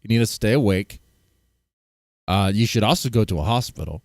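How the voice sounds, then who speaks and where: A man's voice: on the low side, normal speed, dry recording, studio quality. A man streaming and reacting to clips, joking crudely and rambling with restarts. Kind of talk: casual reaction commentary.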